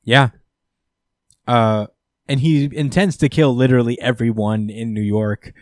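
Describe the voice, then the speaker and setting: A man hosting a podcast, chatting about comics in excited, profane bursts with laughter mixed in. His voice sits mid-range for a man. The close mic gives a dry sound with no room echo. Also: medium pitch, a little slow. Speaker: podcast host. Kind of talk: casual comic-book recap chat.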